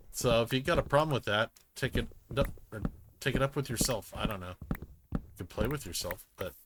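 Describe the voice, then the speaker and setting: A man's voice: medium pitch, noisy background. A man giving rambling, jokey gameplay commentary, muttering self-deprecating asides to himself as he plays. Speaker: gaming YouTuber. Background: music.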